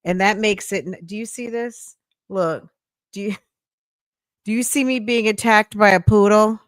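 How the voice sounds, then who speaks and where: A woman's voice: medium pitch, steady tone, unhurried, no room sound, studio quality. A woman hosting a stream, reacting to a call with blunt, mocking commentary. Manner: blunt, mocking, talks back at the clip.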